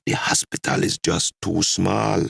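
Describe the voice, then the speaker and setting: Low, gravelly male narrator for a scripted audiobook, dry close sound. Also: fairly even intonation, measured pace, fairly bright tone, no echo.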